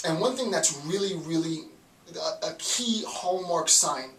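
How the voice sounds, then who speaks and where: A man's voice: on the high side, lively intonation, unhurried, fairly bright tone. Man lecturing from across an echoey room. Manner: rambling, frequent "right?" tag questions, restarts. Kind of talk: informal recorded lecture. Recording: roomy echo from a distance, faint noise.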